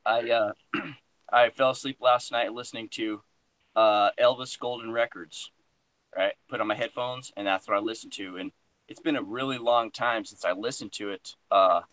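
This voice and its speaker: A middle-aged man chats in an easygoing, folksy way during a live stream. His voice is bright and forward. The sound is dry, with no room echo. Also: mid-range voice, fairly even intonation, normal speed. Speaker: co-host, husband. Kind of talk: casual live-stream chat.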